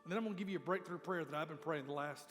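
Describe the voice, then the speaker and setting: High-voiced pastor preaching. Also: male voice, rapid-fire. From Georgia, USA. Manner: emphatic, conversational preaching with sudden loud peaks. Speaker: lead pastor. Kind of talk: sermon. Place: church sanctuary. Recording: long reverb of a church hall with faint music.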